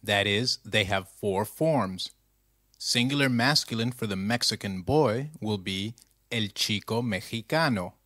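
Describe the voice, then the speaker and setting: A man's voice: on the low side, a little slow, bright, forceful tone, no room sound, studio quality. A man narrating a scripted language lesson, speaking carefully and repeating phrases for the learner to say back. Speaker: language teacher.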